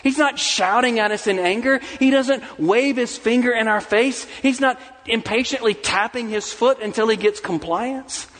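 Male pastor, middle-aged, high voice, sermon, soft asides then rising emphatic lines, long church-hall reverb. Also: normal speed, few pauses. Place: church sanctuary.

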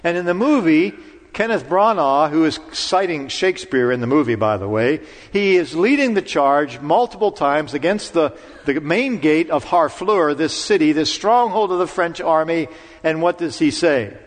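A man's voice: a little high, animated, normal speed. A man preaching a sermon in a church, with dramatic recitation that rises to commanding peaks. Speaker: pastor. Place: church sanctuary. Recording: long reverb of a church hall.

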